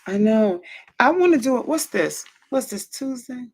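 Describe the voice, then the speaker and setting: A woman hosting a casual livestream chat, excitable and laughing often as she reads out viewer comments. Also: on the high side, normal speed. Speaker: livestream host.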